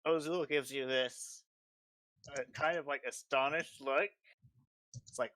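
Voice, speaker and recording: A man's voice: on the high side, fairly even intonation, a little slow, long pauses, a bit bright, dry recording. A man narrating as game master of a tabletop game, casual and full of fillers.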